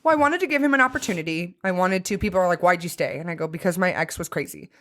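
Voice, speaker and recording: A young woman co-hosting a podcast, telling a dating story in a candid, profane, animated way. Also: lowish voice, fast talker. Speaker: podcast co-host. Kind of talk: casual chat, storytelling.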